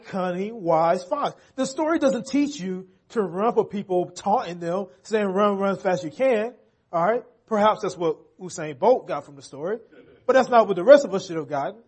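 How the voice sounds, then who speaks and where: Casting: husky, high-pitched male pastor, chatty sermon delivery in a church. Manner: conversational, checks in with the congregation.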